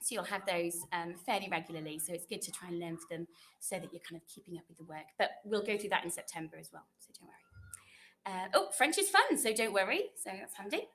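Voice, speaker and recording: Talking quickly with lively intonation, this secondary school French teacher has a voice on the low side and a fairly bright tone. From her classroom, through a computer microphone, she gives new pupils a chatty, reassuring welcome, with plenty of fillers and false starts.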